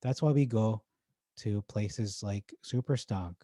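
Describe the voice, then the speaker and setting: A man's voice: on the low side, takes it slowly, mellow, dry recording, clean studio sound. A man with an Irish accent giving casual commentary as he reads through forum posts, chatty and loose with jokey asides and fillers. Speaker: stock market YouTuber.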